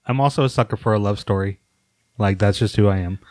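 A man's voice: on the low side, fast, no echo. A man co-hosting a casual podcast chat, hedging his opinions with lots of fillers. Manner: hedging, soft-spoken, full of fillers. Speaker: podcast co-host.

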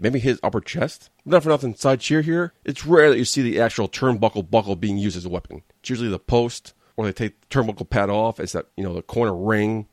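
A wrestling commentary host with a fairly low, darkish voice delivers a blunt, sarcastic opinion rant, sounding worn out and exasperated. The recording is close and dry with no echo or room around it, giving it the feel of a regular host's casual talk-show take.

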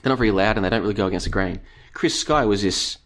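A man with a fairly low voice hosts a long live stream, reading chat and wandering off into tangents. He talks casually to his viewers and stacks up rhetorical questions. After hours on air his voice is starting to wear. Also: fast, a bit bright. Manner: rambling, talks straight to the audience as "folks", repeats rhetorical questions.

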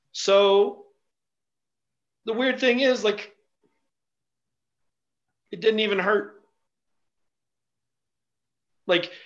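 A man speaking a little higher than most men, telling personal stories as an interview guest. He talks bluntly and swears freely, with lots of "you know" and "like". The recording sounds dull and lo-fi. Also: a bit bright. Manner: blunt and profane, with frequent fillers. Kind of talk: casual storytelling.

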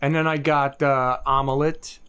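A man's voice: medium pitch, very animated, measured pace. A man co-hosting a podcast in a casual, laid-back chat, dropping "dude" and "man" often. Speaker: podcast co-host.

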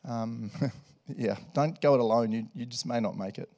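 A middle-aged man with a New Zealand accent preaching a sermon in a relaxed, conversational way, laughing often and tagging lines with "eh" and "right". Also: mid-range voice, moderate pace. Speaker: pastor. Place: church hall with congregation.

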